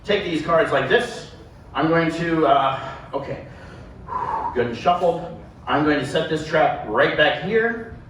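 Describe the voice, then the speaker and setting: A sideshow performer rambles through his act with a volunteer before a live audience, joking and self-deprecating in an expressive, slightly bright voice on the high side. He speaks slowly with long pauses, captured on a distant mic in an echoey room with background noise.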